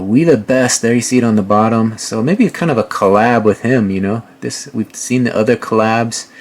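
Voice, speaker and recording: A male host giving casual, relaxed commentary while walking through online listings, with frequent fillers. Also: mid-range voice. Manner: relaxed, filler-heavy, chatty. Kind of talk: casual screen-share commentary.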